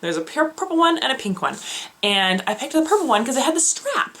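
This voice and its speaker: A young woman telling a story in a casual vlog, animated, with lots of fillers and restarts, acting out the voices of others. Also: sits high, brisk. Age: young adult. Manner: frequent filler words and self-corrections. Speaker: beauty vlogger.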